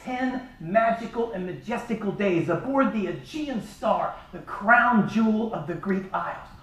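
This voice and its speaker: A man giving a humorous storytelling speech at a charity event, lively and animated. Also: high voice, unhurried. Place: event hall. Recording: echoey hall from far off.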